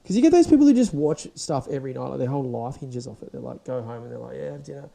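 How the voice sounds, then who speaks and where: Animated and quick, a young Australian man hosts a podcast with a casual solo rant, rambling, swearing and restarting frequently. His mid-range voice is gravelly yet warm in tone, and it sounds sore and dried out.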